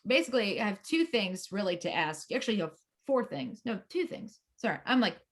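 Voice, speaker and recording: A woman hosting a podcast interview, bubbly and agreeable, reacting quickly and teasing her guest. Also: medium pitch, big pitch swings. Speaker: podcast host. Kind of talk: casual interview chat.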